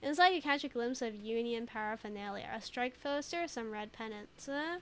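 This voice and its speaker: A woman's voice: on the high side, lively intonation, normal speed, smooth. A woman streamer chatting casually over a game, laughing often and thinking aloud with lots of fillers. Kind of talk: casual let's play commentary.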